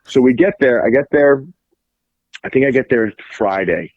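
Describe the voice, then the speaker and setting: A man guesting on a podcast, telling an animated story in casual speech full of "like" fillers and casual swearing. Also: mid-range voice, normal speed, no room sound, lo-fi sound. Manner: animated, heavy "like" fillers, acts out quoted dialogue, swears casually. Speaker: podcast guest, jiu-jitsu referee.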